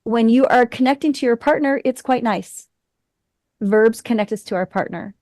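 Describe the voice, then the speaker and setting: A woman's voice: fairly high pitch, moderate pace, darkish tone, dry recording, studio quality. A woman acting coach giving direct, instructive feedback to students in class.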